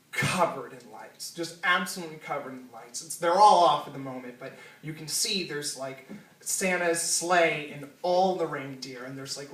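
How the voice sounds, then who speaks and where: A man's voice: on the high side, fairly bright tone, reverberant, recorded from a distance, poor audio. A man telling a funny personal story live, casual and laughing, with lots of fillers and swearing.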